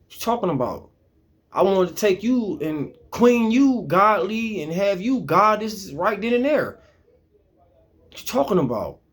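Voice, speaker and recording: A man delivering a profane, confrontational monologue that keeps repeating the same challenging question. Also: high voice.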